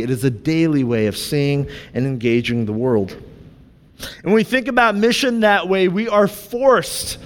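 A man's voice: fairly high pitch, in a large hall. A young man preaching a sermon to his church, chatty and candid, with frequent asides to the congregation. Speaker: pastor. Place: church sanctuary.

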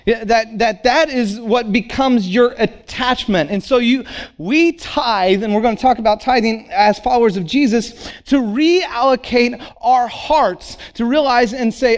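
A man's voice: very high voice, lively intonation, unhurried. A man preaching a sermon as a pastor, in a conversational storytelling way.

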